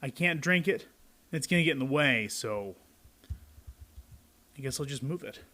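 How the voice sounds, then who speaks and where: A man's voice: mid-range voice, expressive, normal speed, bright, forceful tone. A young adult man reading a picture book aloud to children, adding chatty asides to his young listeners.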